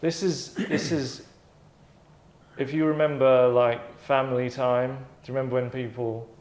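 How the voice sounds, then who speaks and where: A man's voice: medium pitch, steady tone, a little slow, darkish tone. Chatty man in an echoey room. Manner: rambling, chatty, with asides and self-corrections. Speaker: host presenting his own game idea. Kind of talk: casual monologue.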